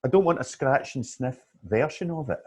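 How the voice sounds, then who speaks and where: A middle-aged Scottish man co-hosting a podcast in casual, animated chat, laughing often. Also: mid-range voice, normal speed, breathy edge. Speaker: podcast co-host.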